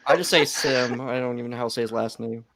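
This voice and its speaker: A man's voice: mid-range voice, fast talker, crowd noise. A man chatting casually as a guest on a livestream, talking about his comic project. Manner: relaxed, on a delay.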